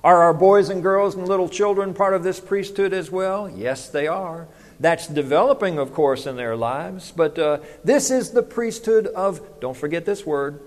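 Preacher guy, kinda high voice, asks the room questions and answers them himself, echoey sanctuary. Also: moderate pace. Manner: conversational preaching with rhetorical questions. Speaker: pastor. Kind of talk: sermon. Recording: long hall reverb.

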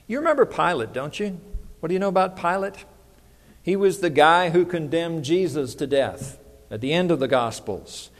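A man's voice: a little high, lively intonation, moderate pace, big-room sound. A middle-aged man preaching a conversational sermon as pastor, often putting questions to the congregation.

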